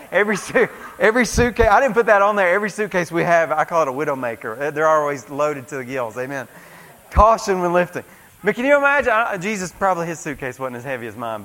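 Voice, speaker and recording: High-voiced preacher in an echoing church. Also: male voice, a bit bright. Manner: emphatic, calls for "amen", repeats phrases. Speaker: pastor. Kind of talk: sermon.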